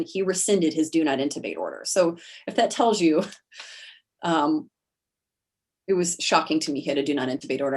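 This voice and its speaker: A woman telling her own story as an interview guest on a video call, halting, with many fillers and restarts. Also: fairly low pitch, darkish tone, husky. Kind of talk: personal account in an interview.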